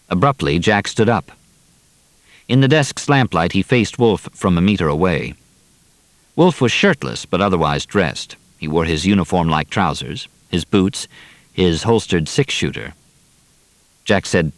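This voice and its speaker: A man reading a novel aloud as narrator, measured and steady. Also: sits low, no echo. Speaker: audiobook narrator. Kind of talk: scripted narration.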